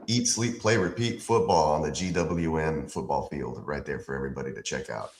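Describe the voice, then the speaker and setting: A man hosting a fantasy football podcast, giving laid-back analysis, shout-outs and sponsor plugs. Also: extremely low pitch, brisk, roomy sound, noisy background. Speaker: podcast host. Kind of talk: casual sports chat.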